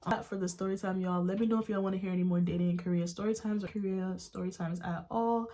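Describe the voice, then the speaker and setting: A woman's voice: mid-range voice, steady tone, fast, dark tone. A young woman from the United States telling a personal story to her viewers in a casual, chatty way, saying "like" constantly and calling them y'all. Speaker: vlogger.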